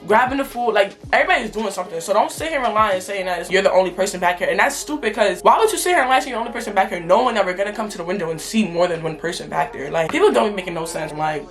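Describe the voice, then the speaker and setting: A woman's voice: medium pitch, lively intonation, rapid-fire, hardly any pauses, faint music behind. A young woman vlogger telling a storytime in a casual, slangy and emphatic way. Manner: emphatic, slangy, indignant retelling.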